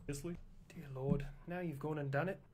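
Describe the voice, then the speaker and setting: A man's voice: a little high, fairly even intonation, fairly quick, darkish tone, natural voice. A man voicing a brash Scottish man who boasts and mocks, in a Scottish accent. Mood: mocking. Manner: boastful, mocking, gleeful. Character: brash taunting Scottish man personifying Scotland.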